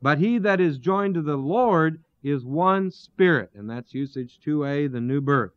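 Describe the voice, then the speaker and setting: A man teaching through a Bible passage verse by verse, pausing to explain terms and asking his listeners rhetorical questions. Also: a little high, lively intonation, clean tone, no echo. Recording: dull, lo-fi dry recording.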